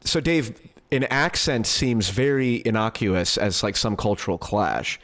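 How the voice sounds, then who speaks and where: Low-voiced male debate moderator. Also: animated, a little slow, a bit bright. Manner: cuts in to steer, asks clarifying questions.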